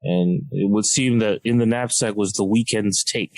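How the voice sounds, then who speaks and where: A man, a comedian telling a story on a podcast in an animated, self-mocking way and laughing mid-sentence. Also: on the low side, normal speed, no room sound, poor audio. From Malaysia.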